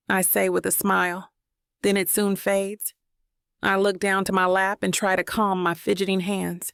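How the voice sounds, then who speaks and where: A woman's voice: mid-range voice, steady tone, normal speed, gravelly, clean tone, dry recording, clean studio sound. A woman narrating a first-person romance audiobook in an intimate, reflective manner.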